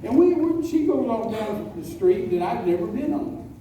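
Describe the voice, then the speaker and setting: A man preaching a folksy storytelling sermon, slowing down to stress key words. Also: high-pitched, very animated, mellow. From West Texas. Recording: echoey hall, distant mic, faint noise.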